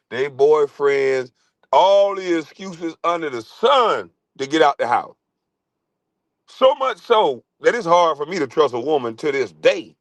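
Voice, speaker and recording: A man hosting a casual live stream, brash and mocking as he roasts people and swings into loud, high put-on voices. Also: no room sound. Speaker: livestream host.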